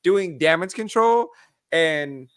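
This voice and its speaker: A man hosting a podcast, telling stories in lively casual chat full of fillers. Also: a little high, takes it slowly, clean tone, dry recording, studio quality. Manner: animated storyteller, many filler likes. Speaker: podcast host.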